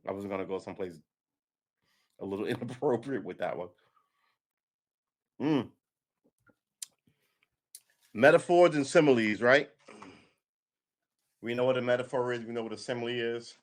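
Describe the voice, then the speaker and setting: A man's voice: mid-range voice, moderate pace, pauses often. A man chatting casually on a home live stream, rambling and joking as he snacks, often laughing. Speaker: vlogger.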